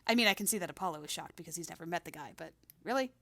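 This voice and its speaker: A woman's voice: lowish voice, expressive, racing, pushed and bright, slight background noise. A woman hosting a let's play, chatting casually and rambling as she reads the game aloud.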